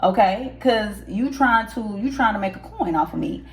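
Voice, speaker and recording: A woman's voice: mid-range voice, normal speed. A woman podcast host, telling a story in a casual monologue and acting out both sides of the exchange with rhetorical asides.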